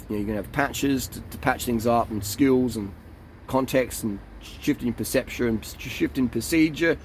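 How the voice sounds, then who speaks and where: Man, blunt, swearing, rambling vlog monologue, mid-pitched voice, faint traffic noise behind. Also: darkish tone. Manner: jumps into mocking impressions of others. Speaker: cycling coach and vlogger. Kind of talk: casual monologue to camera.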